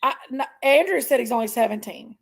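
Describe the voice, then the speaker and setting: A woman hosting a casual live stream from her couch at home, a little hoarse from allergies and talking in a rambling, chatty way. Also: fairly high pitch, expressive, a little fast, rough recording.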